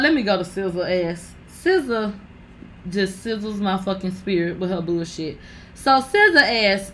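A woman's voice: medium pitch, fairly bright tone, a little hiss or hum. A young woman giving brash, profane gossip commentary, talking straight to her viewers. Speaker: commentary vlogger.

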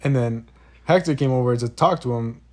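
A man's voice: medium pitch, moderate pace. A man telling a funny story in casual chat, swearing a lot and acting out what people said. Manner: animated, laughing, acts out quotes, swears a lot.

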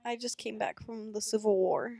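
A woman's voice: fairly high pitch, steady tone, normal speed, creaky, warm tone, a little hiss or hum. Giggly, rambling young woman co-host. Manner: laughing, teasing and rambling. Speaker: podcast co-host. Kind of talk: casual chat, retelling a show. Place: small room, on a bed.

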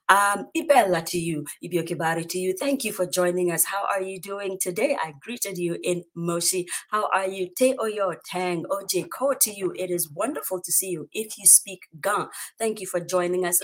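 A middle-aged woman hosting a livestreamed talk show, greeting viewers warmly in many languages and playfully introducing her guest. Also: on the low side.

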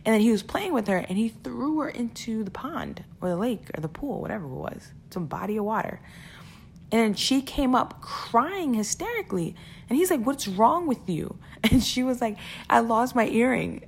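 A woman's voice: a little high, sing-song, normal speed, slight background noise. A woman talking casually and earnestly to her listeners about keeping perspective, often repeating words and laughing between points. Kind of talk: casual motivational talk.

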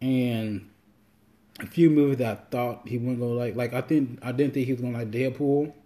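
A man's voice: medium pitch, steady tone, moderate pace, mellow. A man hosting a podcast, talking loosely and rambling, swearing freely and acting out quoted lines. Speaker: podcast host. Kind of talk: casual monologue.

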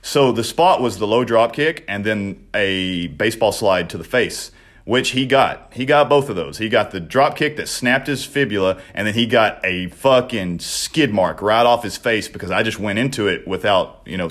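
A man's voice: fairly low pitch, moderate pace. A young man co-hosting a podcast, telling a story casually with lots of swearing. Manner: profane, animated storytelling. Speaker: podcast co-host and wrestler.

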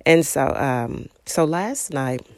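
A parent telling a devotional story in a rambling, halting way, full of fillers and restarts. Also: medium pitch, lively intonation, no room sound. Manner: acts out quoted remarks in a raised voice.

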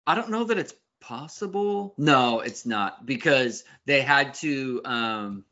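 A man's voice: mid-range voice, sharp tone, muffled recording. A man co-hosting a casual sports podcast, chatty and explaining things step by step. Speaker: podcast co-host.

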